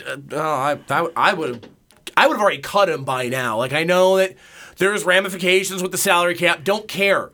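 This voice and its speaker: A man's voice: sits high, normal speed, bright, forceful tone. A man hosting a casual sports radio show in a studio, giving blunt, exasperated opinions. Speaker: radio talk show host.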